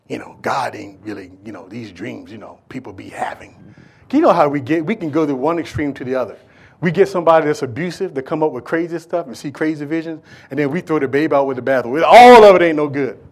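A man preaching a sermon in a folksy, conversational way, restarting phrases and speaking directly to the congregation. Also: fairly high pitch.

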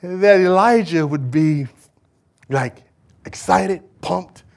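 A male preacher delivering a sermon, retelling a Bible story in a lively, conversational way and swinging between loud and hushed delivery. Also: high voice, slow pace, gravelly. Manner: animated storytelling, acting out biblical figures.

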